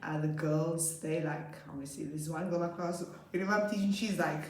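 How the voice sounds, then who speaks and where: A woman's voice: brisk, few pauses, slight background noise. A young woman teacher casually telling funny stories about her class, laughing often and acting out her pupils. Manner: animated, laughs often, acts out her pupils in high voices. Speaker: grade 2 teacher. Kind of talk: casual storytelling vlog. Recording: roomy echo, slightly far from mic.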